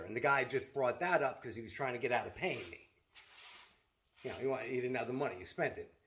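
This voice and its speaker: A man's voice: mid-range voice, gravelly, fairly bright tone. A middle-aged man telling a story in a blunt, profane, casual vlog rant as a seller of self-defense gear.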